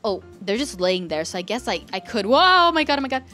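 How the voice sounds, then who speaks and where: A young woman giving playful gameplay commentary, excitable and gasping, often dropping to a hushed, sneaky tone. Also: mid-range voice, quick pace, soft background music. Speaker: gaming channel host.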